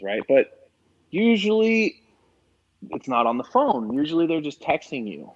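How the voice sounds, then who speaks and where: A man's voice: on the high side, animated, normal speed, no echo. A man who is a guest on a car show, telling a story in casual chat and acting out both sides of a phone call. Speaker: guest, classic car dealer.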